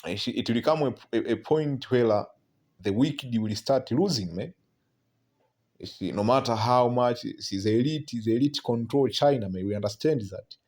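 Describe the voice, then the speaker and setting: A man's voice: medium pitch, a little mellow. A man preaching on prophecy in a loose, conversational way, reading scripture aloud, often stumbling over repeated words and ending lines with "man". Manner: keeps tagging lines with "man", halting repeats; reads scripture aloud between remarks.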